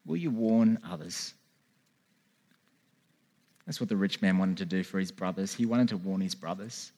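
A man delivers a church sermon in a fairly low voice. He pleads earnestly with his listeners and urges them to respond. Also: normal speed, warm tone. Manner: earnest, pleading calls to repent. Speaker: preacher. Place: church hall with a congregation.

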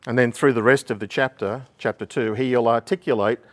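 A man preaching a sermon from the pulpit. He explains the text in a steady, teaching way, with a mid-range voice, and now and then he pauses with an um or clears his throat. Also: mid-range voice.

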